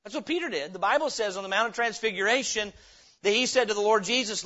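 A man preaching a sermon as pastor, reading scripture slowly and breaking into sudden loud, emphatic bursts. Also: high-pitched, dull audio.

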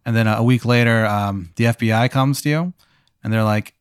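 A man improvising an absurd hypothetical story in a low-key, deadpan way, chuckling as he goes. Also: moderate pace, smooth, dry recording, clean studio sound. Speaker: podcast host posing hypotheticals.

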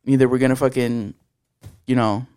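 A man's voice: medium pitch, steady tone, moderate pace, darkish tone, smooth. A young man co-hosting a podcast, telling a story in blunt, profane casual chat. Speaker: podcast co-host.

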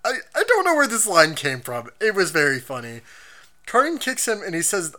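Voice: mid-range voice, normal speed. A podcast host recapping anime episodes in a casual chat, summarizing scenes and reading out viewer comments. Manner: lively, expressive, reads out episode summaries.

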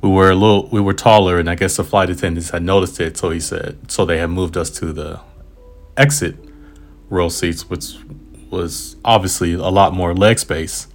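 A man's voice: deep voice, steady tone, moderate pace, faint music behind. An American man, a travel writer, casually telling a travel story in a rambling, self-aware way with asides and restarts. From United States.

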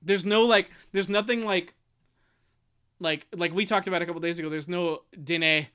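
Bright, clear-voiced hesitant man. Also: high-pitched, fairly quick. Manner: hesitant, many restarts and fillers, reads passages aloud. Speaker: podcast co-host discussing a book. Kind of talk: casual chat.

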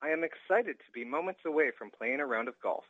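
A man's voice: fairly high pitch, expressive, fast talker, no echo. A man voicing a stiff, formal male translator persona who talks in stilted, precise phrases over a dull, muffled line.

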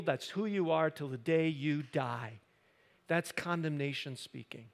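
A pastor preaching a sermon into a microphone, building from quiet talk to loud, impassioned emphasis. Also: male voice, on the high side, a little slow. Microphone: handheld or stand microphone. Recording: reverberant hall.

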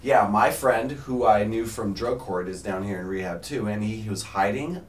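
A man's voice: fairly low pitch, normal speed. A man in casual chat, telling prank stories with lots of laughter as a resident of a rehab house. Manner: laughing, animated storytelling. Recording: echoey room, faint ambient noise.

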